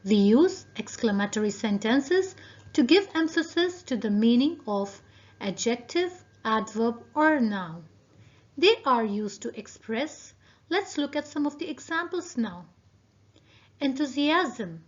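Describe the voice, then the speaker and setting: A woman teacher giving a recorded video lesson, speaking deliberately and addressing her students directly. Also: fairly high pitch, animated. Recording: dull lo-fi video audio.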